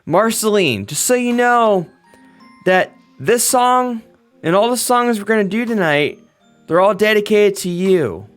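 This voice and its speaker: A man voicing a burly, bearded male rock guitarist who announces from the stage, loud and showy. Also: high voice, lively intonation, unhurried, smooth, faint music behind, pitched above the performer's own voice. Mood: hyped.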